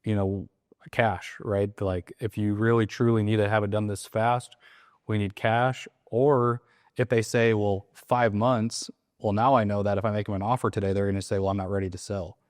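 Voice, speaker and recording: A man with a low-pitched voice explains a sales process in relaxed, casual chat. He slips into short acted-out lines from phone calls with sellers as he goes. The sound is dry and close, with no room echo. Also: moderate pace. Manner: acts out sales call lines in quotes. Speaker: real estate wholesaling coach.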